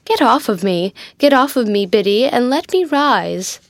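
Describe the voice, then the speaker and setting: A pompous, flustered older widow, voiced by a woman reading a novel aloud. She talks in a raised, higher voice with fussy dignity, and the sound is dry and close. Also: unhurried, no echo, natural voice. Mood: dignified.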